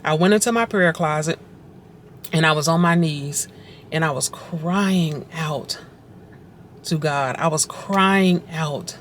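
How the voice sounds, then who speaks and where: A woman's voice: deep voice, slow pace, pauses often, slight background noise. Earnest woman telling her faith story. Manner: earnest, conversational, reflective; repeats phrases for emphasis, fills with "like". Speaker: vlogger sharing her testimony.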